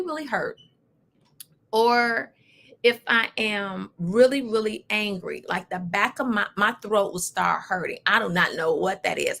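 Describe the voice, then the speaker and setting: A woman hosting a casual talk show tells a personal story with animated emphasis and lively asides. Her medium-pitched voice carries some vocal fry.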